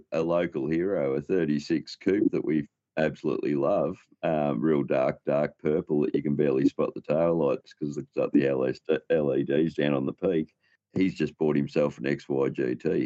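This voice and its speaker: A man's voice: extremely low pitch, warm tone, no echo, highs cut off. A man with an Australian accent co-hosting a casual car podcast, laid-back and matey. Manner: laid-back, says "bloody" and "mate". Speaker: co-host.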